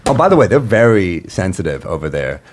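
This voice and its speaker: A man's voice: sits low, brisk, slight background noise. A man co-hosting a podcast, telling a comedy story and acting out the people in it. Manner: animated, acts out voices in stories. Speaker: comedian co-host. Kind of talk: casual storytelling.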